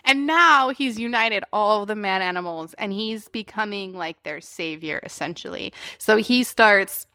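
A woman co-hosting a casual movie recap podcast, chatty and quick to laugh. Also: mid-range voice, bright, forceful tone, no echo, studio quality. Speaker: podcast co-host.

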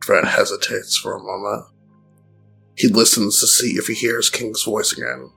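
A man playing his character in a tabletop game, quiet and earnest. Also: lowish voice, moderate pace, creaky, husky, soft background music. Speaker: player. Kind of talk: in-character role-play.

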